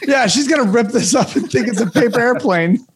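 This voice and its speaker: Brief: male podcast guest, quick interjections, lively pitch. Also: breathy edge. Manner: quick chiming-in remarks. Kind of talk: casual chat.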